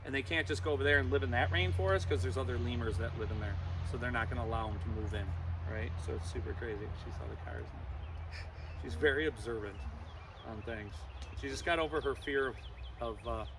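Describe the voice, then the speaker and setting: A man's voice: mid-range voice, a little fast, background noise. A man presenting a live animal show to kids, playful and teasing.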